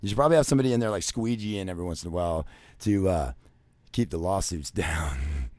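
A man telling a rambling, profane story, cursing constantly and padding his talk with "like" and "you know", swinging between loud ranting and low muttering. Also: animated, fast, no echo. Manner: crude, swears constantly, many fillers like "you know". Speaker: vlogger.

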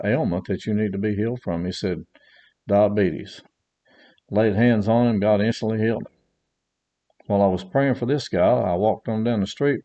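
A man's voice: on the low side, warm tone, dull audio. A man preaching a sermon, earnest and repetitive, mixing scripture with personal stories.

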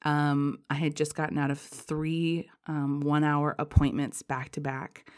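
A woman's voice: deep voice, little pitch movement, unhurried. A heavily pregnant woman hosting a spiritual podcast, talking casually and rambling with many fillers and frequent laughs. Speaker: podcast host.

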